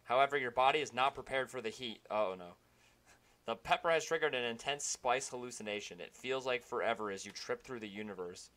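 A young man streaming a video game, reading its text aloud in an animated, jokey way. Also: mid-range voice, fairly quick.

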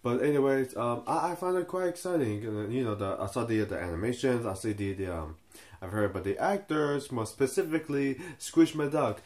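A man's voice: medium pitch, expressive, a little fast, darkish tone. A young man giving a casual, unscripted review and stumbling over his words with many fillers and restarts. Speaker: video reviewer.

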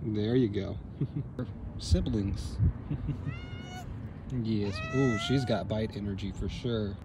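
A man on a casual walking vlog outdoors, talking to cats in gentle baby talk. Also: fairly low pitch, takes it slowly, very noisy. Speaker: vlog co-host. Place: outdoor neighborhood street.

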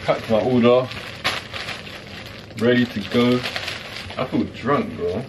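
A man's voice: medium pitch, takes it slowly. Laid-back young man, off-mic. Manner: laid-back, teasing slang. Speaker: boyfriend. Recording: distant mic with background noise.

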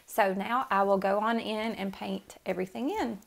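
In her studio, a woman art teacher walks through a casual step-by-step tutorial, friendly and loose, with lots of "um" and "like." Her mid-range voice has vocal fry and a moderate pace, and soft music plays in the background.

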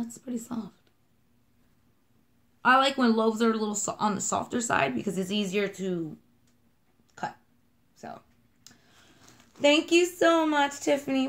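A woman's voice: a little high, expressive, a little slow, long pauses. A chatty woman with a New York accent, rambling and gushing as she unboxes and sniffs scented wax in a casual vlog. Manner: bubbly, rambling, self-described kooky; gushing over scents and colors. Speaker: vlogger unboxing wax melts.

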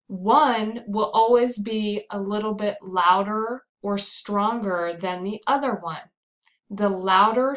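A woman with an American accent teaching pronunciation, saying each word slowly and repeating it for the listener. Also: medium pitch, a bit bright, rough recording. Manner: drills words slowly and repeats them. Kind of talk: slow, clearly enunciated teaching.

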